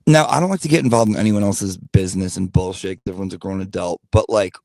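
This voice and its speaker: Male commentary host, low-ish, dry sound, blunt and profane, speaks directly to his followers. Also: quick pace, vocal fry, darkish tone, no room sound. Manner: blunt, profane, repetitive emphasis; talks directly to his audience. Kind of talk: casual ranting commentary.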